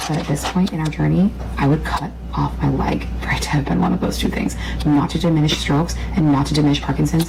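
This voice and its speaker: Low gravelly woman telling a diary story. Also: steady tone, fairly quick, noisy background. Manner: rambling, heavy with "like" fillers. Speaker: video diarist. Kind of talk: confessional vlog storytelling.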